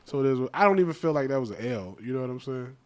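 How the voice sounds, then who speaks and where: A man's voice: medium pitch, expressive, fast talker. Profane, slangy male comedian. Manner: loose, profane street slang, emphatic. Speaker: comedian and podcast co-host. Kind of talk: casual podcast banter.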